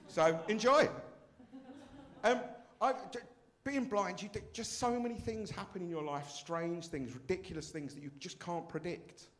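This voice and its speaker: A man's voice: high voice, normal speed, a bit bright. A man performing a brash, self-mocking stand-up comedy set on a club stage.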